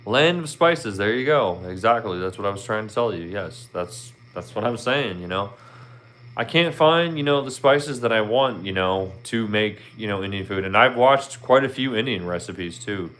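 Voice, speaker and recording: A talkative man with a Philadelphia accent, hosting a relaxed live stream and answering viewers' comments as they come in. His voice sits fairly low, and he circles back over his words and asks his viewers plenty of questions. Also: moderate pace. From Philadelphia, Pennsylvania. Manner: chatty, asks viewers questions, repeats himself, laughs often.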